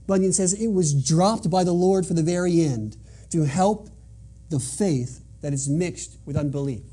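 A man's voice: on the high side, measured pace, dark tone, slightly rough. A man preaching a sermon in an earnest, emphatic way, driving points home by repeating them. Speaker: pastor.

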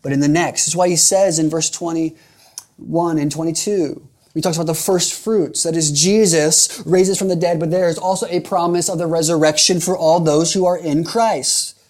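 A man's voice: a little high, steady tone, moderate pace, a little mellow. A man preaching a sermon in an earnest, emphatic way, repeating phrases for rhetorical weight.

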